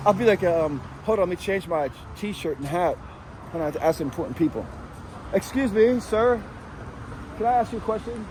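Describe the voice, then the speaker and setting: A high-voiced man rambles through a satirical street report, crude and deadpan. He is outdoors on a city street at night and talks into a handheld camera. Faint traffic hums behind him. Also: brisk. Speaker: street vlogger asking passers-by questions.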